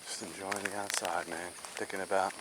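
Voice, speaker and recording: A man's voice: low voice, little pitch movement, a little fast, heavy background noise. A man chatting casually as he walks outdoors, rambling and talking to himself. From New York. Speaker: walking vlogger. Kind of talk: casual walking vlog chat. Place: outdoors in rural nature. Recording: outdoor ambience clearly heard.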